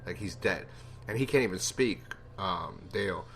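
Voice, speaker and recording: A man's voice: deep voice, moderate pace, fairly bright tone, slight background noise. A man giving a casual, rambling TV episode review, blunt and profane in his opinions. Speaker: TV show reviewer.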